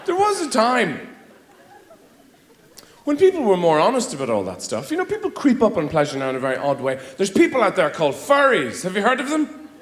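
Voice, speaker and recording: Sardonic Irish man, swooping high voice. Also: wildly swooping pitch, brisk, reverberant. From Ireland. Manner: rambling, sardonic, mock-exasperated asides. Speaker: stand-up comedian. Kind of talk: stand-up routine. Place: theater stage.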